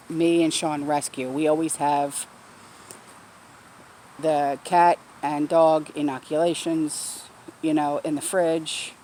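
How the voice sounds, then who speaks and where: A woman's voice: low-pitched, dark tone, a little hiss or hum. A woman vlogger telling a story in a casual, blunt way, swearing freely, recorded outdoors in her backyard garden.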